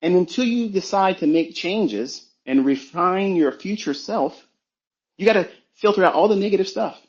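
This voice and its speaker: A man's voice: high-pitched, animated, moderate pace, muffled recording. A man giving a blunt, profane motivational talk as a trading mentor on a live audio stream.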